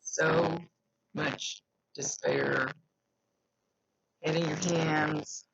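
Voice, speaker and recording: A man speaking as a psychic medium, giving a chatty, emphatic reading straight to the viewer and relaying messages in quick asides. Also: a little high, little pitch movement, vocal fry, fairly bright tone, dull audio, a little hiss or hum. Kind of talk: direct-to-camera psychic reading.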